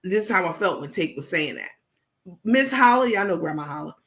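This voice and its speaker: Gravelly-voiced woman with animated profane commentary. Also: lowish voice, brisk. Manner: animated, profane, addresses viewers directly; playful, digressive storytelling. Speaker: commentary vlogger. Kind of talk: casual commentary vlog.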